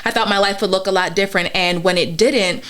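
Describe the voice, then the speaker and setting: A woman in her late twenties speaks as a guest on a podcast. Her voice sits at a middle pitch, and she talks in an earnest, reflective way. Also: fairly even intonation, brisk, fairly bright tone. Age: 20s. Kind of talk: reflective casual chat.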